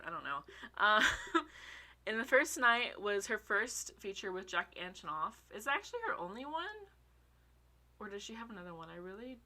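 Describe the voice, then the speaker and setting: A young woman chatting casually to her viewers, excitable, swearing freely and laughing often. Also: mid-range voice. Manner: talks to her viewers as y'all. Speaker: vlogger. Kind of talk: casual chat.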